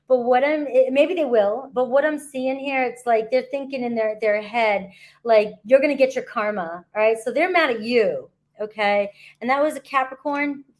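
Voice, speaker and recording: A woman talks viewers through a tarot reading from a spot at the beach. Her voice sits a little high and she keeps the flow loose and conversational. She often pauses to check in with her listeners. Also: darkish tone. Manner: chatty, frequent "all right?" and "okay?" check-ins. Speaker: tarot reader. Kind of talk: casual tarot reading to camera. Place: outdoors at the beach.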